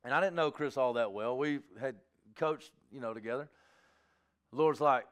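A man's voice: medium pitch, normal speed, smooth. A middle-aged man preaching a sermon, moving between fervent exhortation and chatty storytelling with acted-out asides. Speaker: pastor.

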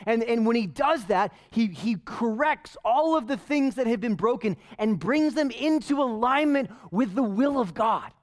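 A male pastor preaching a sermon in an animated, conversational way full of rhetorical questions. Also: very high-pitched, moderate pace, hardly any pauses.

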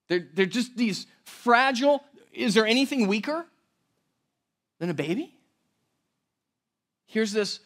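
A man preaching a sermon as pastor, conversational and animated, often checking in with the audience. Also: high voice.

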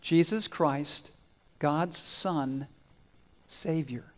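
A man leads a children's sermon in a church, his fairly high voice carried off by a long hall reverb. He quizzes the kids and waits for their answers, then tells stories with lively swings up to loud peaks. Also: extremely slow. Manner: animated storyteller, swells loud on climaxes. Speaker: pastor giving a children's sermon. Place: church sanctuary.

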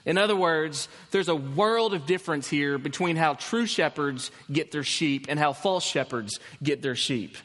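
A man preaching a sermon as pastor, telling the story with animated restarts and emphasis. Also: fairly high pitch, moderate pace, hardly any pauses. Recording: long hall reverb.

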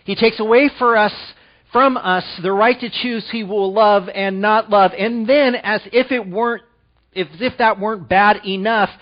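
A man's voice: high voice, dull audio. A man preaching a sermon, reading scripture aloud, then explaining it with rising emphasis. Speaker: pastor.

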